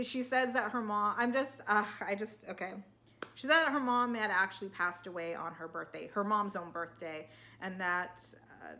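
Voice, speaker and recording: A woman's voice: medium pitch, pushed and bright, a little hiss or hum. A woman talking through a TV episode recap in a casual, emotional, rambling way, full of restarts. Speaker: TV recap vlogger.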